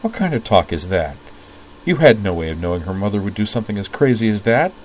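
A man voicing a gentle young woman who reassures a grieving friend in a soft voice. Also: fairly low pitch, expressive, fast, a little hiss or hum, natural voice, low-quality recording. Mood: comforting.

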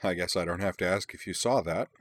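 Storybook thief acrobat, quippy and wry, read by a man; low voice, dry close sound. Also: quick pace, fairly bright tone, no room sound. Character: wisecracking young woman thief acrobat.

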